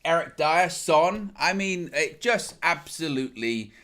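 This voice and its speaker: An animated man hosting a fan show, venting his frustration in a loud, worked-up rant. His voice sits a little high for a man. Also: a little slow. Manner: animated, exasperated ranting. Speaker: football fan channel host.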